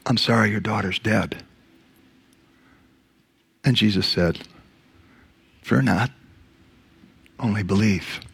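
A male pastor with a gravelly, slightly husky voice delivers a sermon, retelling stories from scripture. He acts out the quoted lines by dropping his voice low, and he slows right down to stress key words.

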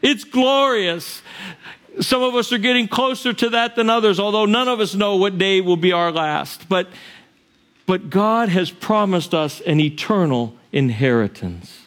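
Earnest male pastor preaching a sermon. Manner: earnest, rises in pitch for emphasis, chuckles between points. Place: church sanctuary.

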